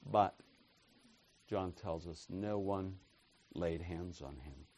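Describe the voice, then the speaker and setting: Slow, dramatic male preacher. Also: deep voice, husky. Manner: dramatic swings from quiet murmurs to loud proclamations; rhetorical questions and repeated refrains. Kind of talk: sermon.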